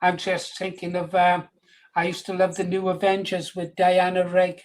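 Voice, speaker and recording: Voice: mid-range voice, monotone, moderate pace, poor audio. Nostalgic, enthusiastic chatty caller. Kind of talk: casual radio chat.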